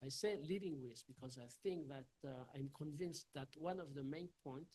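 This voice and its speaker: Husky halting man lecturing. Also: fairly high pitch, mellow, rough recording. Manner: halting, many fillers and restarts. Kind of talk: academic Q&A answer.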